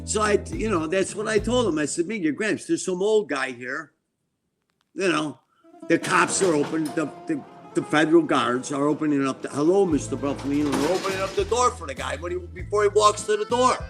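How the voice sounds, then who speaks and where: A man's voice: fairly high pitch, brisk, over music. A man in his seventies telling blunt, profane stories as an interview guest at home, acting out what others said. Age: 70s. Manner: blunt, profane, quotes people in their voices. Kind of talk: casual storytelling interview.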